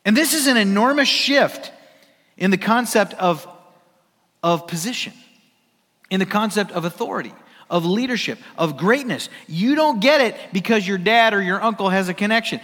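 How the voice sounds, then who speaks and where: A man preaching a sermon, swinging between loud emphasis and hushed near-whispers. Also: high-pitched, animated, moderate pace. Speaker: pastor. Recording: long hall reverb.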